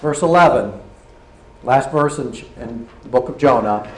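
A man's voice: mid-range voice, a little slow, darkish tone. A man preaching a sermon earnestly, often checking in with his listeners, in a roomy church hall. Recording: roomy hall echo, faint noise.

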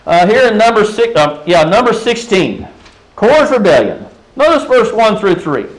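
A man's voice: high voice, big pitch swings, normal speed, low-quality recording. A man preaching a sermon in a conversational way, often turning to the congregation with rhetorical questions. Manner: frequent restarts and fillers.

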